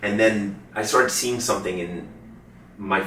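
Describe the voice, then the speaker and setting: A man's voice: on the low side, a little slow, fairly bright tone, roomy sound, far from the mic, a little hiss or hum. A man telling a story as an interview guest, rambling and casual, full of "like" and the odd curse. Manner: rambling, heavy use of "like", swears casually.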